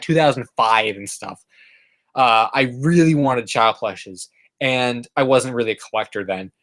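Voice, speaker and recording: A man talking off the cuff on a live stream, reading out chat messages and answering them. He rambles along, full of "like" and "um", and often starts a sentence over. His voice sits at an ordinary middle pitch. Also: a bit bright. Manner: rambling, many fillers and restarts. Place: apartment room.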